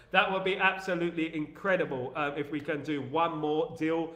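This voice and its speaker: A young man with an East London accent, hosting a casual live stream and reading viewer comments aloud in an animated way. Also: on the high side, normal speed, roomy sound. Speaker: livestream host.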